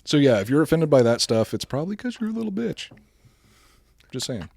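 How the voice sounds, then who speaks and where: A man's voice: a little high, very animated, fairly quick, vocal fry, a little mellow, dry recording. A man hosting a podcast, telling history in casual, blunt, profane chat. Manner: blunt, profane, laughs at his own jokes. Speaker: podcast host.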